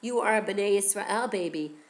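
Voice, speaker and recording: A woman's voice: mid-range voice, moderate pace, lightly acted. A woman voicing a kind young princess in a children's story, speaking tenderly to a baby. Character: kind young Egyptian princess, gentle and warm.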